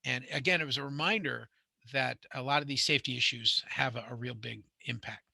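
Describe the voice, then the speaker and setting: A man's voice: mid-range voice, a little fast, creaky, pushed and bright, no room sound. A middle-aged man, teaching a home inspection class in a rambling, conversational way, full of fillers and restarts. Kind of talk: classroom lecture with anecdotes.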